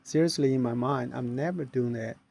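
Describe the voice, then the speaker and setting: A man's voice: medium pitch, a little fast, vocal fry, a little mellow, no echo. A middle-aged man earnestly telling a personal story in non-native English, acting out the voices of people he met. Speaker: inventor sharing his story.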